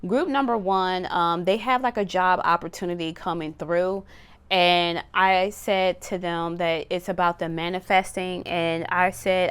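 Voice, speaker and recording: A woman's voice: fairly low pitch, steady tone, a little slow, a bit bright, clear, resonant tone. A woman giving a casual tarot reading, talking bluntly, swearing freely and laughing as she drifts off on tangents. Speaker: tarot card reader.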